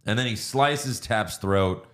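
A man's voice: fairly low pitch, slow pace, a bit bright. A man co-hosting a podcast, casually recapping a movie plot with fillers and swearing. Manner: recounts plot with fillers and acted quotes. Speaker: podcast co-host.

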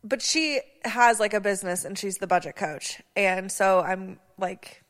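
A woman's voice: mid-range voice, measured pace, a bit bright, big-room sound. A woman co-hosting a casual podcast, chatty and teasing, laughing easily as she tells stories. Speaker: podcast co-host. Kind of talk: casual chat.

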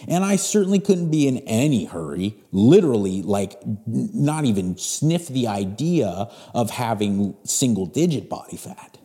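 Emphatic man in his forties, lively pitch. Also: a little slow, few pauses. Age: 40s. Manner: blunt, emphatic, swears freely. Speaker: podcast host. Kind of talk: motivational monologue.

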